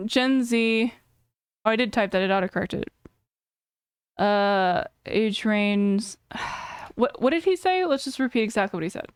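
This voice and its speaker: 30s woman streamer, rambly casual commentary, kinda high voice. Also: animated, unhurried, long pauses, clean tone, dry recording, studio quality. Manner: thinking aloud, chatty, many "like"s and self-corrections.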